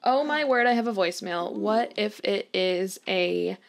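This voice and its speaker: A woman's voice: medium pitch, a little slow, creaky. A young woman chatting through a life-sim game as host, fondly talking to the characters on screen. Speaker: let's play host. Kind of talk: gameplay commentary.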